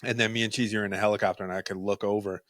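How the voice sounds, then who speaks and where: A young man hosting a podcast, telling a story in a casual, animated, profane, jokey way. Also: fairly low pitch, rapid-fire, dry recording, studio quality. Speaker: podcast host.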